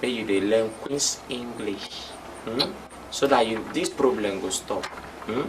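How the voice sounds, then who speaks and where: A man's voice: lowish voice, a little slow, distant mic, background noise, natural voice. An actor playing a teasing co-worker who coaxes his friend, speaking with a Nigerian Pidgin accent.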